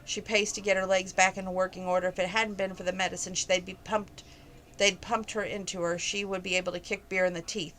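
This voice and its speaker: A woman's voice: on the low side, little pitch movement, fast, fairly bright tone, poor audio. A woman reading a novel aloud, with frequent stumbles and self-corrections. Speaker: reader of a novel.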